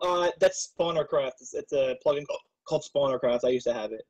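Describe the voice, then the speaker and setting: Hiccuping man, husky voice. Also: medium pitch, quick pace, darkish tone, low-quality recording. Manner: rambling, swears often, browses aloud. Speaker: server admin streaming gameplay. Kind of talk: casual gaming chat.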